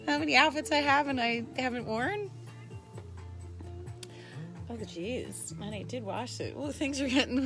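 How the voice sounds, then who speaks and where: A woman's voice: high-pitched, animated, a little slow, pauses often, music in the background. A woman hosting a casual livestream from home, chatty and bubbly, greeting viewers by name. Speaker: livestream host. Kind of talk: casual live-stream chat.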